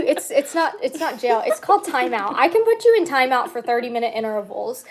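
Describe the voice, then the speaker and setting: A woman's voice: high voice, very animated, fairly quick. A woman hosting her own channel, chatting and teasing while she eats, often with her mouth full. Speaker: channel host. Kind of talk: casual mukbang chat.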